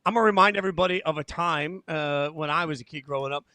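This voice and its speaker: A man's voice: fairly high pitch, fast, bright, forceful tone, no room sound. A man hosting a casual sports podcast in a playful, jokey manner. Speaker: podcast host.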